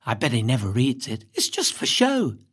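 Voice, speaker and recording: A woman reading a first-person novel aloud in a lively, cheeky storytelling manner. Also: very deep voice, normal speed, breathy edge. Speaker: reader.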